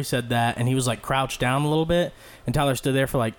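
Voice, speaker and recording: A man's voice: mid-range voice, quick pace. A man in his late twenties, a podcast co-host telling a fight story in casual, profane talk, acting out the people he quotes. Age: late 20s. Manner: animated, profane, acts out quotes.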